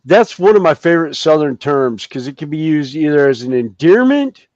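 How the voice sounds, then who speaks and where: A man's voice: fairly high pitch, big pitch swings, normal speed, a little mellow, dry recording. A man chatting casually in a hobby group, rambling and chuckling often. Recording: dull, dry lo-fi sound.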